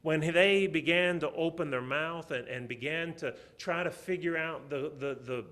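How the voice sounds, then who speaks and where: Middle-aged preacher guy, tells stories, gets loud then drops real soft. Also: a little high, normal speed. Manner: storytelling, swings from loud to soft. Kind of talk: sermon.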